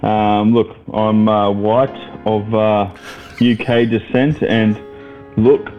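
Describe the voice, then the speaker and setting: A man's voice: fairly low pitch, flat delivery, slow pace, highs cut off, soft background music. A man co-hosting a podcast, rambling with lots of fillers and swearing as he ribs his mates. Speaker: podcast co-host. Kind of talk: casual banter.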